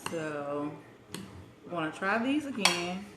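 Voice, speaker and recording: A woman's voice: lowish voice, sing-song, takes it slowly, very noisy. Woman host, casual cooking livestream from her kitchen, talks with her mouth full, echoey room. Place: home kitchen.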